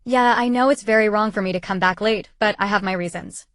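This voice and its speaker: A woman's voice: mid-range voice, a little fast, a bit bright, no room sound, clean studio sound, natural voice. A woman playing a pleading young best friend. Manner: pleading, excuse-making.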